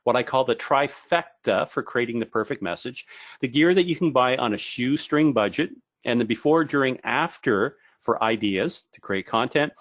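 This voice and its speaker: A male speaker presents a webinar with an animated, joking delivery, his pitch swinging widely as he talks. The sound is dry and a little dull and muffled. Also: no echo. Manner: animated, jokey, self-deprecating. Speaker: video marketing speaker.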